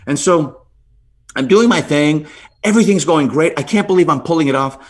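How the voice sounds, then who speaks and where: A middle-aged man, a podcast guest, telling a story with lively swings in pitch and frequent "right?" asides. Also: moderate pace.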